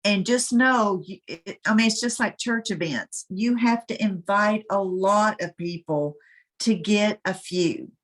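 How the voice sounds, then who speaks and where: A woman's voice: medium pitch, unhurried. A woman leading a casual planning meeting, encouraging the group and stumbling over restarts. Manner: encouraging, with false starts. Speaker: group leader rallying members.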